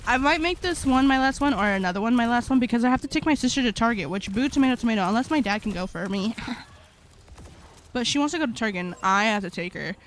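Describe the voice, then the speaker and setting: A high-pitched woman chats loosely with her stream viewers, rambling in a slangy way and laughing a lot. A faint hum of noise sits behind her voice. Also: animated, fast. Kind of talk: casual chat with stream viewers.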